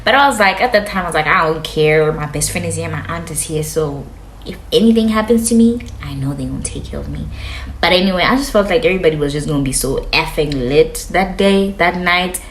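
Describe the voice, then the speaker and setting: A young woman telling a story to her vlog in a casual, slangy way, her voice jumping from loud highs to hushed lows. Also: lively intonation, fairly quick, a little hiss or hum. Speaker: vlogger. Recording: echoey room.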